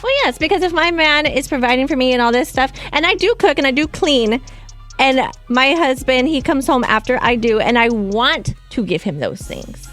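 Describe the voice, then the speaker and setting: A woman's voice: sits high, lively intonation, moderate pace, a bit bright, soft background music. A woman co-hosting a casual radio talk show, arguing her side and asking for examples. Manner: defensive, asks for examples. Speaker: radio co-host.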